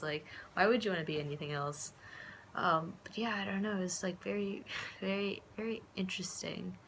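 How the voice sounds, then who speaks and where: A woman's voice: lowish voice, a bit bright, slight background noise. A young woman from the United States rambling casually in a vlog, full of fillers and restarts, acting out the voices of people she quotes. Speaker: vlogger.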